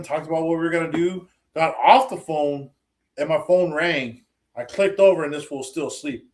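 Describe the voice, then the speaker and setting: A man with a fairly high voice spins crude stories in casual podcast banter. He swears freely and jumps into the voices of the people he quotes. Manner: profane, animated storytelling, acts out quotes. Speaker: podcast co-host. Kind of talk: casual chat.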